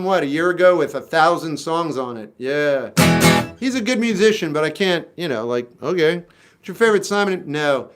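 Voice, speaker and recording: High-voiced guy in his 40s from florida, wry and chill, reading chat questions out loud on a stream, soft guitar behind. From South Florida, US. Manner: laid-back, wry, reads chat questions aloud and answers. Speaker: livestream musician answering chat. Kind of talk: casual livestream chat.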